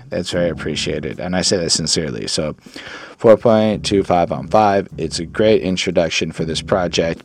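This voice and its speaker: A man from Montreal casually reviewing an album, rambling and swearing with lots of "like" fillers. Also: sits low. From Montreal, Canada.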